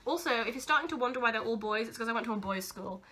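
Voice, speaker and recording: A woman's voice: a little high, rapid-fire, bright, forceful tone, slight background noise. A young woman vlogging casually, gushing and giggly as she goes through keepsakes, teary-eyed and sentimental. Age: young adult. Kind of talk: casual vlog chat.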